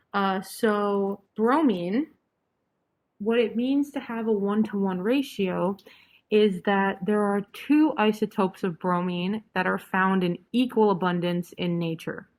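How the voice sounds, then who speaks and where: A young woman runs a live online chemistry review in a relaxed, chatty way. She teases her students with dry sarcasm, then goes right back to plain explaining. Her voice sits at an ordinary middle pitch. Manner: casual, chatty, joking sarcasm. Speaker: chemistry tutor.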